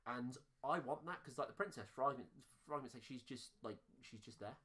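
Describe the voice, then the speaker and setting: A man co-hosting a casual film review podcast, chatty and quick to share opinions. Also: mid-range voice, fairly bright tone, breathy edge. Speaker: podcast co-host.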